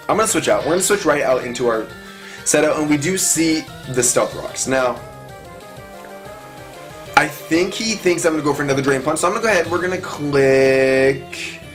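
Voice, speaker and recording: Excitable young man commentating gameplay. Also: on the high side, fairly quick, faint music behind. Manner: chatty and excitable, talks through every move. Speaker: gaming commentator.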